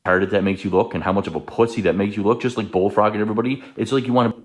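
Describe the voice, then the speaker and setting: A man's voice: on the low side, fairly even intonation, very fast. A man ranting heatedly, swearing and accusing someone in a played clip. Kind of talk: angry rant in a played clip.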